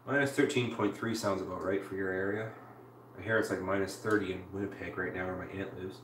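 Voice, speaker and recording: A woman's voice: rumbling low, steady tone, a little fast. A woman from Canada live-streaming from home, chatting casually with viewers as she builds. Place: home room. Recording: roomy, distant mic with faint hiss.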